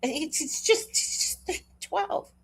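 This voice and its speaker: An older woman hosting a casual stream, telling animated stories with laughter and blunt swearing. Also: sits high, slow pace. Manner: animated, laughing, salty-tongued storyteller. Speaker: livestream host. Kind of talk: casual chat.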